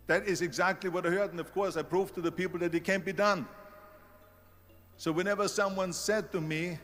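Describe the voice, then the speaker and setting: A man's voice: high-pitched, fairly even intonation, normal speed, a bit bright. Emphatic man with a German accent. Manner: emphatic, repeats key phrases for effect. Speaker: public speaker. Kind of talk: motivational speech.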